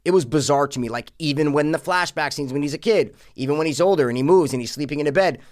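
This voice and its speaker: A man co-hosting a casual film review podcast, talking in an animated way with plenty of swearing and exaggerated reactions. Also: a little high, fast talker. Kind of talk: casual chat.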